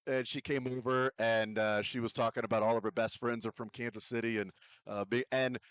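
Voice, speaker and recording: A man's voice: mid-range voice, steady tone, a little fast, fairly bright tone, smooth, dry recording. A man hosting a sports radio show, telling a story in a casual, rambling way with lots of "uh" and "um" fillers, recorded on a studio microphone.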